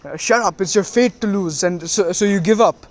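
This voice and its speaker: A proud, touchy teenage boy ninja who snaps in a haughty way, as a man narrating puts him on. The voice stays high and close to the storyteller's own. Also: normal speed, darkish tone, lightly acted. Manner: haughty, snappish.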